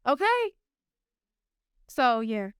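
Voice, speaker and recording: Young woman, brand founder, emotional storytelling, smooth clear voice, dry sound. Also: a little high, sing-song, very slow, no room sound. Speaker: panel guest, clothing brand founder. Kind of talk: personal story told to a live audience.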